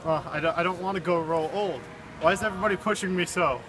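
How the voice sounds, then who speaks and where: A man playing an earnest young man about to marry, speaking in a halting, sincere way in an amateur stage play. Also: high voice, natural voice. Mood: anxious. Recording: noisy with traffic behind.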